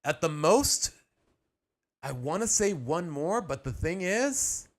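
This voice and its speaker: A man's voice: fairly high pitch, sing-song, slow. A young adult man chatting casually on a live stream as he reacts to a video, rambling with restarts and slang.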